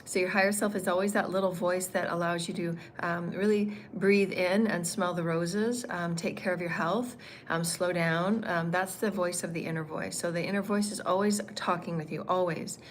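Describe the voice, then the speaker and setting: A woman's voice: fairly low pitch, fairly even intonation, normal speed, slight background noise. A woman teaching a spiritual lesson on a livestream, meandering and repeating phrases, with frequent ums and uhs.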